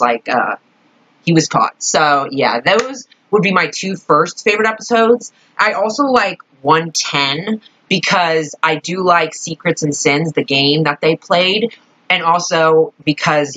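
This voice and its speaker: Low, husky young woman vlogger. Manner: rambling, expressive, swears casually. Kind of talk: casual fan chat. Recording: dull lo-fi home recording.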